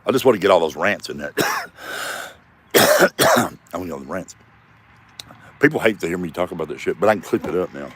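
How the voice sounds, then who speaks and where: A man's voice: deep voice, expressive, fairly quick, pauses often, fairly bright tone. A man in his fifties rambling and swearing in a self-mocking solo vlog, recorded outdoors in a front yard. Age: 50s. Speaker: comedian vlogger. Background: passing traffic.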